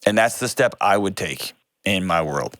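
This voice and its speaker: A man's voice: deep voice, no room sound. Earnest man hosting a call-in show. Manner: earnest, direct, with quick self-corrections and animated retellings. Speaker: advice show host. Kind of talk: call-in advice talk.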